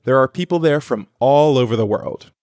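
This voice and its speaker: A man co-hosting a scripted language lesson, sounding out words carefully so learners can repeat them. His voice is dry and close, with no room around it, and sits at an ordinary middle pitch. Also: moderate pace, a little mellow, no room sound. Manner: clear, careful modeling of pronunciation. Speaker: language teacher and co-host.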